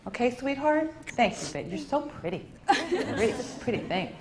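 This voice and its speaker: A woman working as a medium, relaying messages to audience members in a soft, tender, soothing manner with endearments. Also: a little high, big pitch swings, moderate pace, noisy background. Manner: soft, soothing, tender, calling people honey and sweetheart. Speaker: medium at a public reading. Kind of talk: live spirit reading to an audience.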